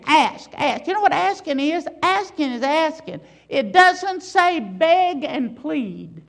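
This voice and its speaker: Preaching a sermon, a woman speaks in a high, gravelly, creaky voice, pressing her points with rhetorical question after rhetorical question. Her emphatic, expressive delivery is slow and almost pauseless. The recording is rough.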